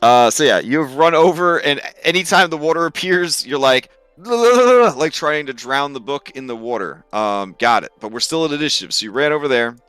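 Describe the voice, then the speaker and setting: A man narrating as game master of a tabletop game, with a relaxed, hesitant delivery full of fillers. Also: on the high side, moderate pace, few pauses, clean tone, no room sound. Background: faint music.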